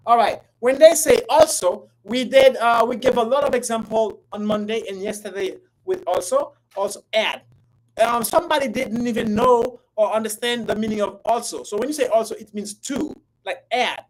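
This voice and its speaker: A woman teaching an English class in a playful, coaxing way. She repeats herself often and swings between loud and soft. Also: fairly high pitch, rough recording. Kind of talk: live online language class.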